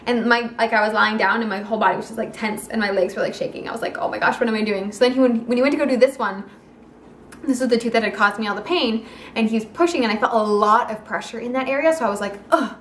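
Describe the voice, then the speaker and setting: A young woman tells a story to her camera at a quick clip, acting out everyone's lines as she goes. Her voice sits a little on the high side. The room around her rings with echo, and there is a faint hum of ambience behind her. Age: young adult. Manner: animated, acts out quoted dialogue. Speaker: vlogger. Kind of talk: casual storytelling vlog. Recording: echoey room.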